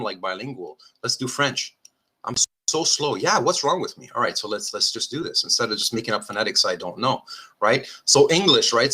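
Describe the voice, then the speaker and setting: A man's voice: mid-range voice, sharp tone, breathy edge. A man lecturing on philosophy at a diagram. He thinks aloud, often checks that listeners follow, and corrects himself as he goes. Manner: self-correcting restarts, informal asides.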